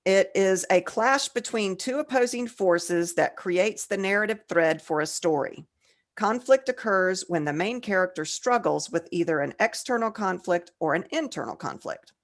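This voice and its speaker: A woman's voice: mid-range voice, animated. A woman co-hosting a casual writing podcast, trading jokes and reading definitions aloud, a little tipsy. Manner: joking, reads definitions aloud slowly. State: tipsy, slurring slightly. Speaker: podcast co-host. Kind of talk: casual chat.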